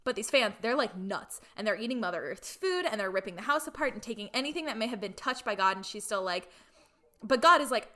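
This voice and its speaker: Young woman on a podcast, bright high-ish voice, rambling through a movie plot with a ton of "like"s. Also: expressive, a little fast. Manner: chatty, filler-heavy, acts out characters' lines. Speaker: podcast co-host. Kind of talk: casual chat, retelling a film plot.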